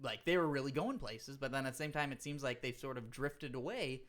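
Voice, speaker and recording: A man's voice: medium pitch, a little fast, a bit bright. A man co-hosting a comedy podcast, rambling and trailing off mid-thought. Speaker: podcast co-host. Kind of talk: casual comedy podcast chat.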